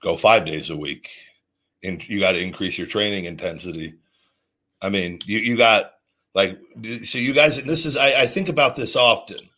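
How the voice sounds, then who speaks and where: A man's voice: fairly low pitch, moderate pace, sharp tone. A man hosting a call-in podcast, giving blunt, rambling fitness advice in a casual, teasing way. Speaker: podcast host.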